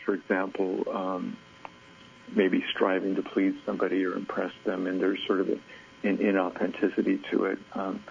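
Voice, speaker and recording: A man giving a reflective talk on self-compassion, soft-spoken and halting, with many fillers and restarts. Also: deep voice, creaky. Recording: dull lo-fi audio with faint hum.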